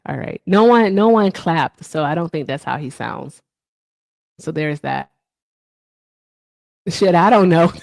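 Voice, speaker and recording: A woman's voice: on the low side, a little mellow, dry recording, clean studio sound. A woman hosting a casual livestream, chatting with guests and viewers, laughing often and trailing off. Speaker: livestream host.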